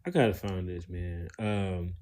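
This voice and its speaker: Guy rambling on his live stream, lots of slang and cussing, kinda low voice. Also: measured pace, darkish tone. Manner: rambling, slangy, swears, greets viewers. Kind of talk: casual live stream talk.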